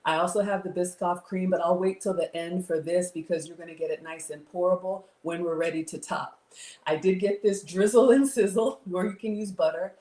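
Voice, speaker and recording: A middle-aged woman with a drawl talks viewers through a recipe live from her home kitchen. Her voice sits a bit low, and the room adds a noticeable echo. She keeps a running, homey chatter, calling everyone y'all. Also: fairly even intonation, a little fast, dark tone. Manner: chatty, addresses viewers as y'all, reads comments aloud. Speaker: livestream cooking host. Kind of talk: casual live-stream cooking chat.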